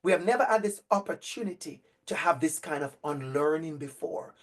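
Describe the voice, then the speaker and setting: A man speaks in a fairly high voice as he tells stories to an audience. His delivery is animated and emphatic. He repeats key words and acts out the voices of the children in his stories. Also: a little fast. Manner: emphatic repetition. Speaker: educator and speaker. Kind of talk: storytelling talk.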